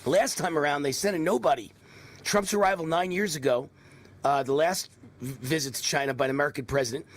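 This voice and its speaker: An older man with a faint New York accent hosts a live political talk show. His voice sits a bit high and sounds husky. He rambles and drifts into mocking asides. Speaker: host.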